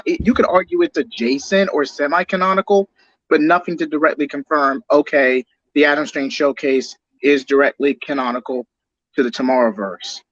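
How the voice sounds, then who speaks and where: A man's voice: fairly high pitch, fairly bright tone, dry recording, muffled recording. A man co-hosting a podcast, casually discussing a comic-book film in an analytical way and arguing fine points. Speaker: podcast co-host.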